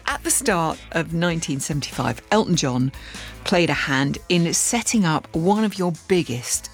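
A woman hosts a radio interview in a gravelly voice, reading introductions and gently prompting her guest. Faint music plays beneath her. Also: deep voice. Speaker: radio host.

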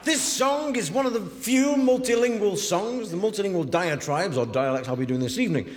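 A man's voice: high-pitched, expressive, fairly quick. A man, a folk singer, bantering with an audience and singing a comic song in bursts. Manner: jokey, chatty, sings in bursts. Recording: live concert recording in a hall.

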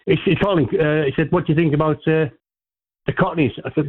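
A man's voice: a little high, fairly even intonation, quick pace, darkish tone, low-quality recording. Rambling male radio caller, put-on accent. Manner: rambling, repeats the host's name, puts on a Cockney-style accent. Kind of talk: phone-in call.

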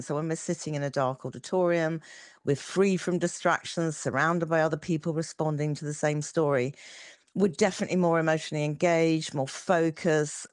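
A woman behavioural psychologist explaining things on a radio show, measured and thoughtful, with small restarts. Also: low-pitched, darkish tone, no echo, studio quality. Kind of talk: radio interview answers.

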